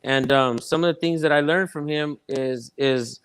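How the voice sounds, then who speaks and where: A man's voice: medium pitch, normal speed, a bit bright, clean tone, no room sound. A man speaking as a guest in a casual livestream chat, laid-back and slangy with lots of fillers.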